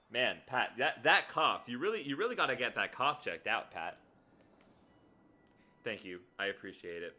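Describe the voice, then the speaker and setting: A man's voice: lowish voice, pushed and bright. A man streaming a video game live, talking earnestly and directly to his viewers in casual chat. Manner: earnest, talks straight to viewers.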